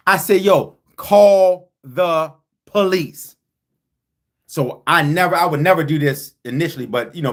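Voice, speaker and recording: A man hosting a podcast, telling a personal story with emphasis, often repeating "listen to me" and acting out what others said. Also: fairly bright tone. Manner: acts out quoted voices with big pitch jumps. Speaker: podcast host.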